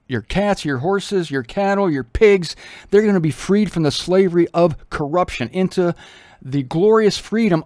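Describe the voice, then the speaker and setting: A man's voice: sits high, a little mellow, no echo, studio quality. A man giving a conversational, humorous Bible teaching, breaking into little acted voices.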